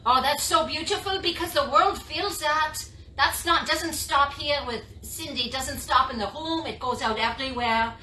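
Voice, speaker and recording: A woman's voice: sits high, normal speed, bright, forceful tone, echoey room, recorded from a distance, slight background noise, low-quality recording. A woman leading a guided visualization for a small group, playful and teasing, often laughing. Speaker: session leader.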